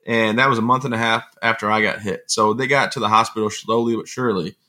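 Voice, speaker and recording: A man spinning animated, rambling stories as an interview guest. His voice sits a little low but sounds bright and forceful. He talks at a quick clip and drifts into tangents. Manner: fast, animated storytelling with rambling asides. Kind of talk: conversational storytelling.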